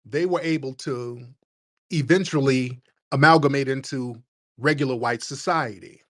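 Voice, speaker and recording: A man's voice: mid-range voice, moderate pace, fairly bright tone, no echo, studio quality. A man hosting a live call-in show, talking bluntly and combatively with plenty of profanity. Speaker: show host. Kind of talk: casual livestream talk.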